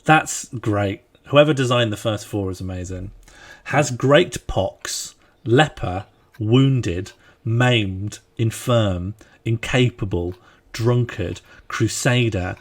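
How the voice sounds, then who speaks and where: A man's voice: lowish voice, takes it slowly. A young man hosting a casual game livestream, joking and laughing as he rattles off long lists. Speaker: streamer playing a strategy game.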